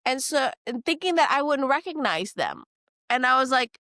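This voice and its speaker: Animated, storytelling woman from New Orleans. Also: sits high, moderate pace, no echo, studio quality. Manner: animated storytelling, acts out quotes, swears freely. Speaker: guest chef. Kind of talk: casual podcast chat.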